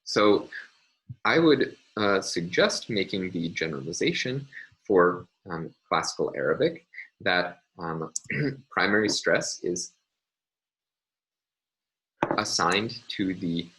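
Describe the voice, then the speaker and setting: A man's voice: low voice, expressive, slow, long pauses, fairly bright tone, poor audio. A man lecturing step by step in a recorded university class, methodical and hesitant, with frequent ums and uhs.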